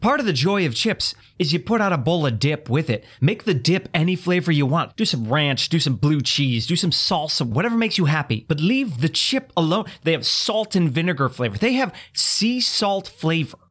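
A man's voice: very animated, normal speed, hardly any pauses, fairly bright tone. A man hosting a comedy podcast, ranting in an exasperated, incredulous way. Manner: exasperated, incredulous rant rising in pitch. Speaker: podcast host. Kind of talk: comedic rant.

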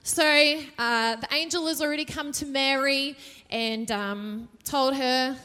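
Woman pastor, jokey and conversational, high voice, reverberant hall sound. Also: a little slow, sharp tone. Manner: chatty and jokey, asks the audience questions. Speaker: preacher. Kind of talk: sermon. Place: church stage.

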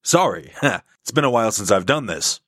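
A man's voice: lowish voice, no echo, clean studio sound. A man hosting a podcast, giving a scripted update in a put-on radio announcer voice and stretching out the key words. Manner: lively, drawn-out emphasis on key words. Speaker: podcast host.

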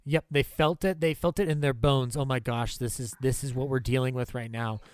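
A man hosting a film podcast in casual chat, swearing freely, excitable, and acting out movie lines as he retells scenes. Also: medium pitch, a little fast, smooth, no room sound. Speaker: podcast host.

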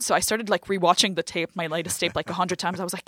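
Young female comedian from Lebanon, animated storyteller, dry close-miked read. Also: mid-range voice, rapid-fire, hardly any pauses, no room sound. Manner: animated storytelling, acts out quoted voices. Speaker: comedian guest. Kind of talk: casual chat.

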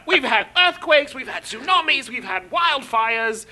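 Casting: male podcast co-host, bright lively voice, theatrical and laughing. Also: very high-pitched, unhurried. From Britain. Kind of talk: casual comedic chat.

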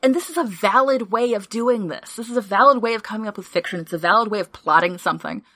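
A woman co-hosting a podcast in casual chat, excitable, swearing freely and laughing often. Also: medium pitch, fast, no room sound, clean studio sound. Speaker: podcast co-host.

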